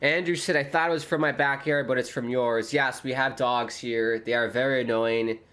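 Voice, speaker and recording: A man hosting a live football watchalong from home, calling the action casually, joking and reading viewer comments aloud, loud and excited at near misses. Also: medium pitch, normal speed. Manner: chatty, jokey, reads viewer comments aloud, gets loud at chances. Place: home with dogs nearby.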